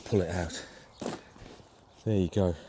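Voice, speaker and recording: A man's voice: low voice, fairly even intonation, takes it slowly, background noise. A man casually talking through setting up a fishing shelter outdoors in his garden, narrating each step while holding his camera one-handed. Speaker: angling vlogger demonstrating gear. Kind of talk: casual demo talk to camera. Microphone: handheld video camera.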